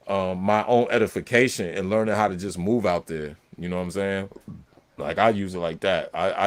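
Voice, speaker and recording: A man in his thirties with a US Northeast accent, hosting a casual chat and rambling with lots of "like" and "you know". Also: fairly low pitch.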